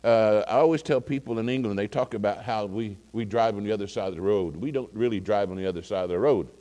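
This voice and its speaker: Rambling preacher in a reverberant hall. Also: male voice, fairly low pitch, quick pace, warm tone. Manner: rambling, folksy, many fillers and restarts. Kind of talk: casual sermon anecdote.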